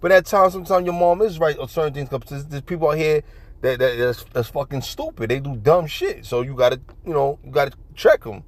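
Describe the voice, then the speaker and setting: A man's voice: on the high side, animated, brisk, no room sound. Rambling New man, dry sound. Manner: profane, repetitive, laughing storytelling. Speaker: vlogger. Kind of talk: casual rambling monologue.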